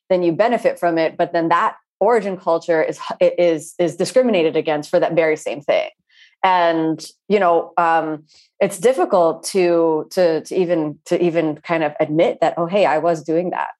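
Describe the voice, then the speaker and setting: Yoga teacher lady, kinda low voice, thinking out loud slowly with lots of restarts. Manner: earnest, searching, with many pauses and restarts. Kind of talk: reflective interview talk.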